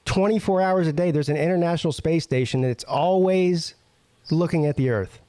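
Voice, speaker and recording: A man's voice: on the high side, normal speed, dark tone. A man hosting a casual show, commenting on a video he plays and mocking it with lots of filler. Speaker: show host.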